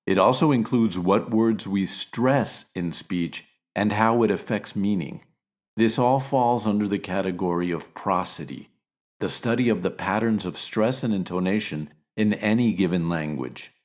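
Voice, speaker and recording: American male pronunciation teacher, very low voice, clear measured delivery, repeats examples slowly. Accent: American English. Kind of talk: scripted pronunciation lesson.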